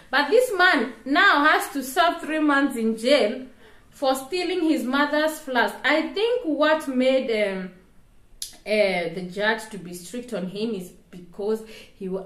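Laughing, exclaiming woman vlogger, echoey room. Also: medium pitch. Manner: laughs often, exclaims, talks to viewers directly. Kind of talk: casual news commentary to camera.

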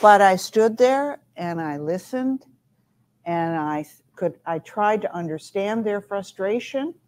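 An older woman, a former university president and panel guest, telling stories in an earnest, measured way. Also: medium pitch, a little mellow. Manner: measured, earnest, recounts anecdotes. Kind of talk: reflective storytelling in a panel talk.

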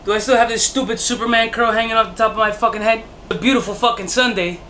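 A man's voice: very high voice, fairly even intonation, fast, pushed and bright, slight background noise. A man reviewing fragrances in a casual vlog, profane and jokey, with bursts of mock outrage and self-mocking asides.

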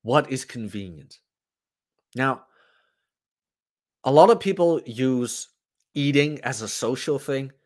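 A man's voice: medium pitch, lively intonation, takes it slowly, long pauses. A man hosting a podcast, ranting bluntly and profanely in a casual livestream. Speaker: podcast host.

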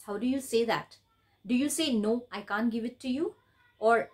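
A woman's voice: on the high side, normal speed, darkish tone. A woman teaching business English, explaining polite phrases step by step and saying example lines aloud. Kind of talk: scripted lesson to camera.

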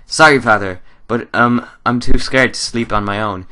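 A man plays a frightened young girl from a horror game in a raised voice. He keeps the voice bright and pleading. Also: medium pitch, normal speed, natural voice. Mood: timid, pleading. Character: timid young girl, scared and sweet.

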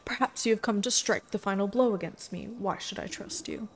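A woman's voice: mid-range voice, a little fast, a little hiss or hum, natural voice. A woman voicing a grumpy, sick giant male sea serpent in a game, speaking in a haughty, archaic, suspicious way.

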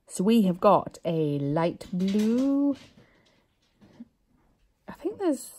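A woman's voice: medium pitch, big pitch swings, drawn-out words, pauses often, a little mellow, slight background noise. A woman vlogger in her thirties chatting casually, laughing and sometimes dropping to a whisper. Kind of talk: casual vlog chat.

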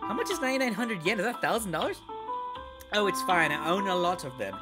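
A woman hosting a horror game let's play, talking loudly and excitably, swearing and laughing as she plays. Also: mid-range voice, fast talker. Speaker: gaming video host. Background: game music.

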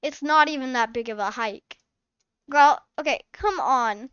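High-voiced woman playing a scolding mom. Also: normal speed, fairly bright tone, no echo, lo-fi sound. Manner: chatty, mothering, scolding. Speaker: channel host playing a mom. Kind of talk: casual game role-play narration.

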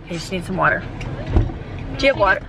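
A woman's voice: medium pitch, lively intonation, quick pace, creaky, background noise. A woman vlogging her family's day, chatting with her kids and the camera. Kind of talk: casual family vlog chat.

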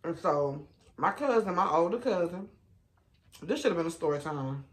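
A woman vlogger telling stories while she eats, chatty and animated, calling her viewers y'all, baby and honey. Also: moderate pace. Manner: animated, with sudden rises in pitch and loudness. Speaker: mukbang vlogger. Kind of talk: casual storytime while eating.

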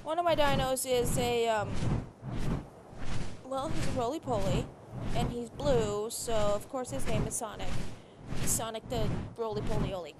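A woman's voice: a little high, lively intonation, normal speed. A young woman giving casual, annoyed gameplay commentary, ranting and swearing freely. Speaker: gaming YouTuber. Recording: loud background noise.

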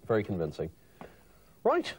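A man's voice: lowish voice, huge pitch swings, moderate pace, slight background noise. A man hosting a cooking contest, judging dishes and presenting results in a genteel, wordy, playful way. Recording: TV studio recording with faint room sound.

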